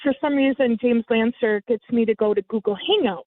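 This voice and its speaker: A woman's voice: fairly quick, dry recording. A woman telling the story of a scam in casual chat, animating it by mimicking others in a raised voice. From United States. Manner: lively, mimics others with sudden high pitch jumps. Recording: tinny phone line, dry.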